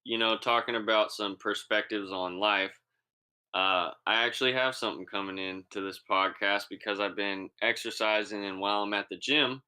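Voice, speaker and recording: Laid-back, slangy man with a forceful voice. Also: lowish voice, fairly even intonation, normal speed, clear, resonant tone. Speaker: podcast co-host. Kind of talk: casual podcast chat.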